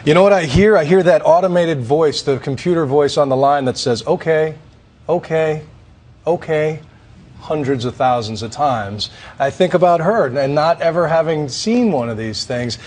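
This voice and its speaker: A man reporting a news story, narrating in an earnest, measured way and then talking it over in the studio. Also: a little high, animated, a little mellow.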